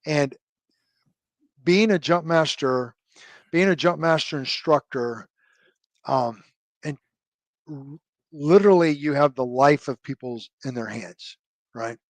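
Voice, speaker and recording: A man's voice: a little high, slow, pauses often, no echo. A middle-aged man and retired army officer telling stories in an interview, rambling and full of fillers and tag questions. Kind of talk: conversational storytelling interview.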